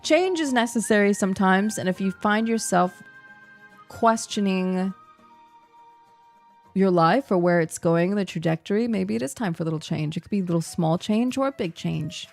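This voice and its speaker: A woman streamer chats casually in slang. Her talk is animated and jumps from topic to topic. Faint music plays underneath. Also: medium pitch, moderate pace, gravelly. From New Zealand. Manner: chatty, slangy, animated, jumpy. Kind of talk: casual chat.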